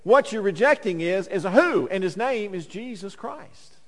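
Male pastor, sermon delivery, dramatic loud-to-hushed swings, high voice. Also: expressive, moderate pace, big-room sound. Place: church sanctuary.

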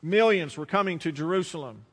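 Southern preacher in a reverberant hall. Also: male voice, a little high, animated, breathy edge. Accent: Southern American. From American South. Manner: storytelling preacher, slows and drops to a hush for emphasis. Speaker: pastor. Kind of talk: sermon. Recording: long reverb of a large hall.

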